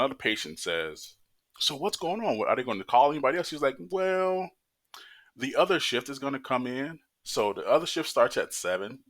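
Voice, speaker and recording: A man casually telling a personal story to camera, swearing and acting out what people said. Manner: animated, swearing, acts out quotes with high-pitched voices.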